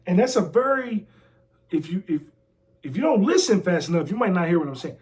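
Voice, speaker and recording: A man's voice: sits high, very animated, brisk, darkish tone. A man talking casually in an interview, brash and boastful with lots of slang and trash talk. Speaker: interview guest, former pro wrestler. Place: a house.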